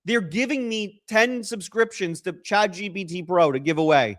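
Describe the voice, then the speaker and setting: A man's voice: high-pitched, normal speed, hardly any pauses, fairly bright tone. Joking young man on a livestream. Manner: joking, rambling, reacts to chat messages. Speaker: livestream host. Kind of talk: casual livestream chat reading donations.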